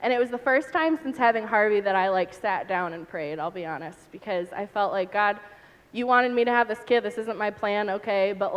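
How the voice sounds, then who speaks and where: A woman on a panel sharing a personal testimony with candid, animated telling, acting out her own past outbursts. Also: medium pitch. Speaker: panel speaker. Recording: reverberant hall.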